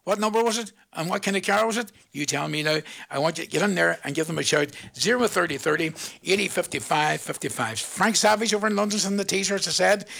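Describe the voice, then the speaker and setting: A Northern Irish man hosting a radio show, his voice sitting high with a bright, sharp edge. He rattles through listener greetings in a loose, chatty patter, with some gravelly fry on his words. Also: fast talker. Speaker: radio presenter. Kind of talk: live radio chat with listener shout-outs.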